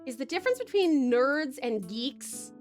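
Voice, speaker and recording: Young aussie girl streaming, high bubbly voice, giggles a lot, calls everyone babes. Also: big pitch swings, unhurried, soft background music. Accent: Australian. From Tasmania, Australia. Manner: bubbly and giggly, greets chat by name, calls them babes. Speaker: VTuber streamer. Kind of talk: casual live-stream chat with viewers.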